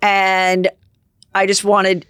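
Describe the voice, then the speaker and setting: A woman hosting a casual gossip podcast, telling stories in a chatty, animated way. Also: medium pitch, very slow, clear, resonant tone, no room sound. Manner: chatty, animated storytelling with playful put-on voices. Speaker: podcast host.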